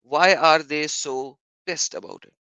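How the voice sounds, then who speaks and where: A man's voice: on the high side, measured pace, sharp tone, smooth, no echo, low-quality recording. A man giving a monologue commentary as a YouTuber, talking emphatically, repeating himself and asking rhetorical questions.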